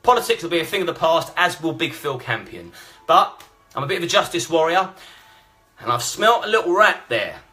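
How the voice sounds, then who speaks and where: A man's voice: a little high, sing-song, fairly quick, pushed and bright, soft background music. A blunt, combative man, ranting and swearing through live-stream commentary. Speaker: vlogger.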